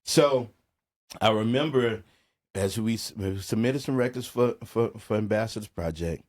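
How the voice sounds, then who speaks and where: Man telling a lively personal story. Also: fairly low pitch, normal speed. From New Orleans, USA. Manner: animated storyteller who acts out quoted dialogue, peppered with "bro" and "man". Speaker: music producer guest. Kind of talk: casual podcast interview storytelling.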